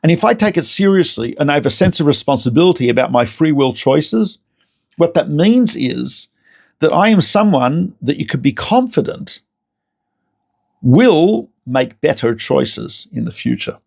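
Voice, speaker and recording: Male rabbi lecturer, gravelly, slightly high-pitched, animated, self-correcting. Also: measured pace. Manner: animated storyteller with self-corrections and repeated words. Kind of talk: recorded lecture.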